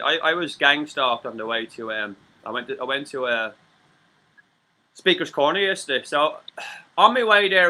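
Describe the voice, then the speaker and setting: A man's voice: fairly high pitch, pushed and bright. An Irish man from Ireland chatting on a live-stream talk show, rambling and swearing, with many stammered restarts. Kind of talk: casual live-stream chat.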